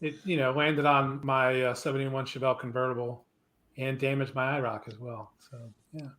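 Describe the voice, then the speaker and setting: A man's voice: mid-range voice, little pitch movement, moderate pace, fairly bright tone. A man hosting a casual podcast, adding wry, teasing remarks to the conversation.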